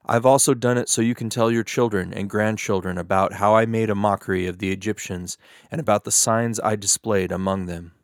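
A man reading the words of God in a Bible reading, with a measured, solemn delivery. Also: lowish voice, steady tone, no room sound, clean studio sound, close to an everyday voice. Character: God speaking, solemn and commanding.

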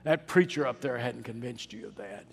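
A man preaching a sermon and leading an altar call, rising to ringing climaxes and dropping to hushed pleading. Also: medium pitch, moderate pace, vocal fry, slight background noise. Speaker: pastor. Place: large church sanctuary. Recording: long hall reverb.

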